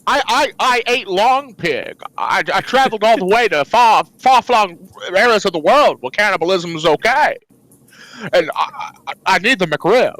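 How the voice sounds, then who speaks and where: A man's voice: high voice, lively intonation, moderate pace, fairly bright tone, no echo, poor audio. A man doing a stammering old-time film star begging for food, stuttering and repeating every word. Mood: pleading. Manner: stuttering, repeating words, pleading. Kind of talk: comedic impression on a podcast.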